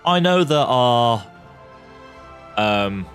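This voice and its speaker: This let's-player has a mid-range, expressive voice that's a touch bright and very slow, with faint music underneath. He chats casually through his gameplay, musing out loud and reading on-screen text.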